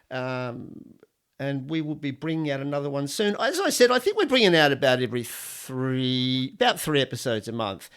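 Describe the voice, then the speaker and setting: A man's voice: medium pitch, gravelly, fairly bright tone. A middle-aged Australian man hosting a podcast on his own, rambling through jokes and opinions with plenty of swearing. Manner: crude, swearing, rambling joke-telling. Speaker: podcast host. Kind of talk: casual solo podcast monologue.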